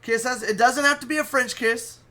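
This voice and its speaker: A man's voice: very high-pitched, steady tone, moderate pace, sharp tone, pitched above the performer's own voice, heavily acted. A man voicing an angry, drunk young man who curses and throws a fit after losing a bet. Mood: coaxing. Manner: whiny, cursing, throwing a fit.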